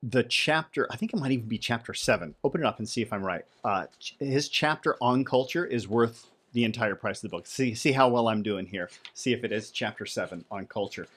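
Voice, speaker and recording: A man's voice: mid-range voice, a little fast, hardly any pauses, a bit bright, slightly rough. A man co-hosting a podcast, chatting in a playful, talkative way. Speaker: podcast co-host. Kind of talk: casual podcast chat.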